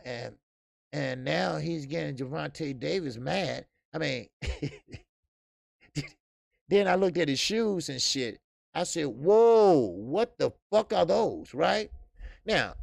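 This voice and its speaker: A gravelly-voiced man hosts a boxing livestream and chats loosely with his viewers, swearing freely and laughing hard. His voice is close to the mic in a dry room. The talk rambles and keeps doubling back. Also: a little high, no echo. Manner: loose and profane, reading out chat comments, bursts of laughter. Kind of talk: casual livestream chat.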